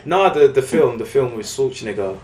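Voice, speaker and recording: A man's voice: medium pitch, animated, fairly quick, a crowd in the background. Casual man reading a cast list. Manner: laughs often, reads a cast list with many fillers. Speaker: podcast host. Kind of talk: casual chat.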